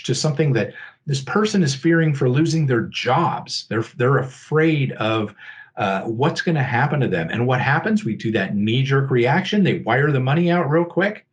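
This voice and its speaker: Male presenter, mid-range voice, relaxed explanatory talk-through. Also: mid-range voice, normal speed. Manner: explanatory, often checks in with "okay?" and "right?"; acts out scammer and victim lines in a livelier voice. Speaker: security awareness presenter. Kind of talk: conversational presentation.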